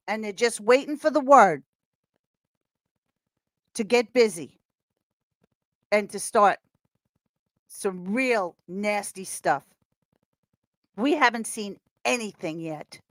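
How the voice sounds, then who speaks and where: A high-pitched woman chatting as a podcast guest, animated and rambling, breaking into laughter often. Her voice is close and dry with no room sound. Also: slow pace, pauses often, dry recording. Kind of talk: casual chat.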